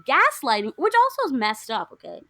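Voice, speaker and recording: A young American woman co-hosting a podcast, retelling a movie's plot in a lively, indignant way. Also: high-pitched, fairly quick. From United States. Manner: animated, indignant storytelling with quoted lines. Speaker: podcast co-host. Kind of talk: casual movie recap chat.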